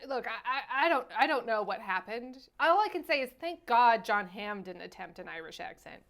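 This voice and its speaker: A woman co-hosting a casual film review conversation, her voice sitting a little high. She is animated and keeps slipping into silly voices to act out lines from the film. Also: moderate pace. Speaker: podcast co-host, movie reviewer. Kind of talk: casual chat.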